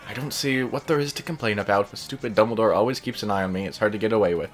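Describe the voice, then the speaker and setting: A man's voice: fairly low pitch, rapid-fire, close to an everyday voice. A man voicing a lecherous, boastful male talking magic hat who speaks smug and self-assured, in a fan-story reading over faint game music. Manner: sleazy, smug and confident.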